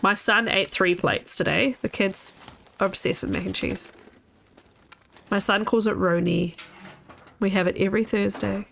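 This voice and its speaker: A woman's voice: mid-range voice, measured pace, creaky, long pauses, a bit bright, a little hiss or hum. A woman in her thirties streaming a video game, chatting casually with her viewers in a rambling way that trails off and restarts.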